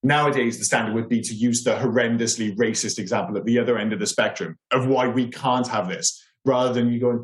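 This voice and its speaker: A man's voice: mid-range voice, steady tone, fairly quick, few pauses. Male podcast co-host, rambling and self-deprecating, echoey room. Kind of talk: casual podcast chat.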